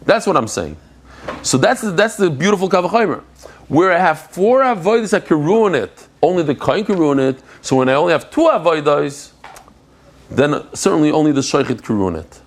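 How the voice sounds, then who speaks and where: A man leads a live Talmud class in a fairly high voice. He talks in an animated, chatty way and jokes with the people in the room. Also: fairly quick, a little hiss or hum.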